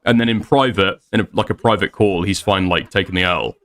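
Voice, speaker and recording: A man's voice: deep voice, a little fast, fairly bright tone. A man, rambling and swearing as he recaps an online argument in a casual voice chat. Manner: rambling, frequent restarts and swearing. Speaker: streamer recapping a debate.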